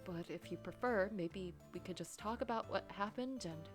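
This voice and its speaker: A woman voicing a playful, warm-hearted young man in a game, speaking lightly and earnestly. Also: medium pitch, moderate pace, faint music behind, close to an everyday voice.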